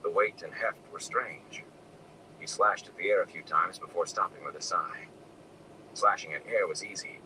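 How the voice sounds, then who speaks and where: A man reading a novel aloud in a soft, hushed narration, sometimes dropping to a whisper. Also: fairly low pitch. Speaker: audiobook reader. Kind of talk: scripted narration. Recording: distant mic with air conditioning noise.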